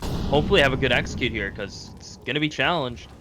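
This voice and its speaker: Animated male esports caster over gunfire. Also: medium pitch, fast. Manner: animated, climbing to shouted calls in clutch moments. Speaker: esports commentator. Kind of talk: esports color and play-by-play commentary. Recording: game gunfire noise behind. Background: game gunfire and clicks.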